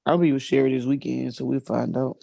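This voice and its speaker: Woman telling a funny story, mellow warm voice, laughing, quoting people all excited. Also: brisk, creaky, no room sound. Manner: laughs often, acts out quotes in a high excited voice. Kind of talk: casual chat, animated storytelling.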